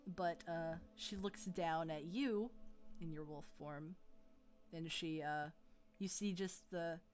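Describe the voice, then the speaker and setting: A woman narrating a tabletop game as game master, unhurried, with frequent ums. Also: fairly low pitch, a little mellow, soft background music.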